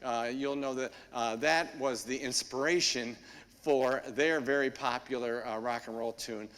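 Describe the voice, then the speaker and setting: A man, a priest, giving a homily in a church in a conversational storytelling manner with frequent pauses. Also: medium pitch, steady tone, a bit bright. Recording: long church reverb.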